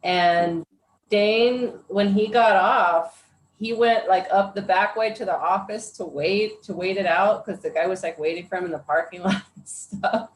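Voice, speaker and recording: A woman on a podcast, telling a relaxed anecdote in casual chat. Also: medium pitch, a little slow. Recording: echoey room with faint noise.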